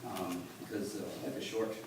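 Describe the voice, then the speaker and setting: A man giving a halting, earnest personal testimony at church, recorded on a phone from the congregation. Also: on the low side, fairly even intonation. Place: church sanctuary. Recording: echoey church on a distant phone, noisy.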